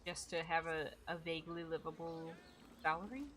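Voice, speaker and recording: A woman's voice: low-pitched, level tone, normal speed, fairly bright tone, a little hiss or hum. A young woman casually commenting while she plays a video game, self-deprecating and chatty, swearing now and then. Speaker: gaming streamer. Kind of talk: casual let's-play commentary.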